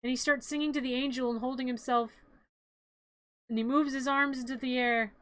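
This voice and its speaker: A woman's voice: sits high, a little fast, no room sound. A woman streamer giving a rambling, joking play-by-play of a film in a casual live stream. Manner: animated, rambling play-by-play with jokes.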